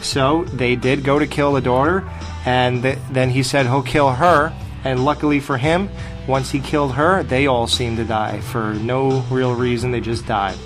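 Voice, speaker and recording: A man co-hosting a casual film review podcast, swearing freely as he tells stories in an animated way. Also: mid-range voice, normal speed, over music. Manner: profane, animated storytelling. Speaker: podcast co-host.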